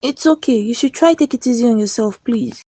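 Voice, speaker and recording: A woman plays a fiery young Nigerian wife in a cartoon, sharp-tongued and quick to confront. Her voice sits a little high, with a warm, mellow tone. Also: lightly acted. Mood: upset. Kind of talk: cartoon voice acting.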